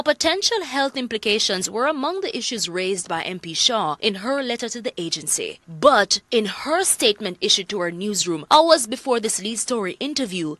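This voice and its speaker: A woman reads a scripted TV news report in a formal, measured manner. Her voice sits fairly high, and the recording is dry and close. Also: fairly bright tone, no echo. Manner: crisp formal newsreading.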